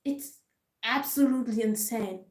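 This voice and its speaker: Brief: woman vlogger with a somewhat high voice, venting with frustrated emphasis; roomy, echoey recording. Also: a little slow, darkish tone. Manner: frustrated, emphatic, repetitive ranting. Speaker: K-pop vlogger. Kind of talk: casual ranting commentary. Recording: roomy echo.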